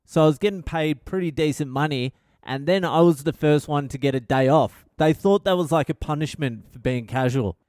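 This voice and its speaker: A man hosts his own podcast, riffing alone through profane, rambling comic stories. His voice is smooth and resonant. It is recorded dry and close, with no room sound. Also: fairly high pitch, moderate pace, few pauses, darkish tone, dry recording. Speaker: podcast host. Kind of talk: casual solo monologue.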